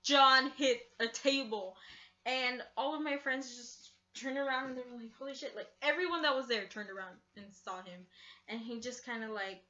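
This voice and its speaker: Young woman, bright tense voice, chatty storyteller, swears a lot, muffled lo-fi audio. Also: fairly high pitch, fairly even intonation, normal speed. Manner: chatty, swears, lots of fillers. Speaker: vlogger. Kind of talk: casual storytime. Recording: dull lo-fi sound.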